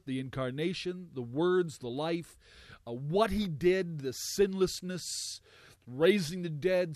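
A man preaching a sermon, emphatic, repeating words for weight, swelling loud and then dropping low. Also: no room sound.

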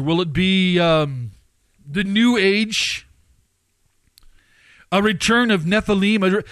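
A man preaching and commenting, firing off rhetorical questions with his pitch swinging up and down. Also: fairly bright tone, no echo.

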